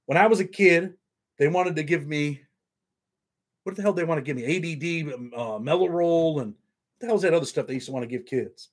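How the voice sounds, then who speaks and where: A man with a husky, slightly raised voice talks straight to his viewers. His delivery is blunt and heartfelt, and "man" closes almost every line. He is the regular host of his own online show. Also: a little high, a little fast. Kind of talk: casual straight-talking monologue to camera.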